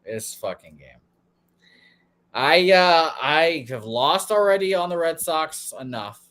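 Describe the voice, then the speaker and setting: A man's voice: a little high, animated, takes it slowly, fairly bright tone. A man hosting a sports betting show in casual chat, rambling and swearing freely.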